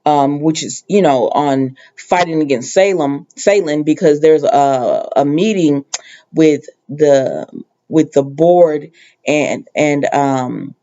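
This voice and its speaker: A woman casually recapping a TV episode, her voice warm and mellow. She rambles through it with frequent ums, false starts and the occasional exasperated aside. The sound is a bit dull and lo-fi. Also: low voice, takes it slowly. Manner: rambling, full of ums and restarts; conversational, sometimes exasperated asides. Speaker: TV recap host.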